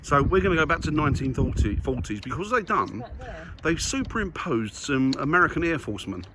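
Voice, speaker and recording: A man's voice: fairly high pitch, big pitch swings, brisk. A man chatting enthusiastically to viewers as he walks around a museum, filmed on a handheld camera. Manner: enthusiastic, chatty, talks to viewers while walking. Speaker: vlogger. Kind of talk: casual vlog commentary. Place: museum grounds and aircraft halls. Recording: noisy background ambience.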